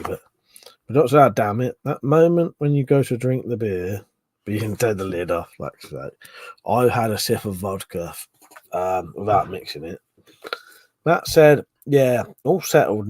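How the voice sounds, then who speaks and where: A man hosts a rambling live stream while tipsy, laughing often and swearing freely as he chats with viewers. His voice sits fairly low with a husky edge. The sound is close and dry. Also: a little mellow, dry recording. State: drunk. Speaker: livestream host. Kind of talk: casual live chat reading viewer comments.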